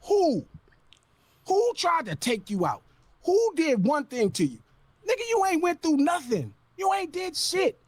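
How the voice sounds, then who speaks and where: A man's voice: very high voice, huge pitch swings, a little slow, dry recording. A man on a podcast, ranting with profanity and exasperation. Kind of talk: heated podcast rant.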